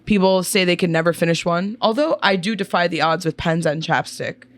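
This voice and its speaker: A woman's voice: fairly low pitch, fairly quick, no room sound. A young woman co-hosting a podcast in a laid-back casual chat, laughing often and using many fillers. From New York area. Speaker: podcast co-host.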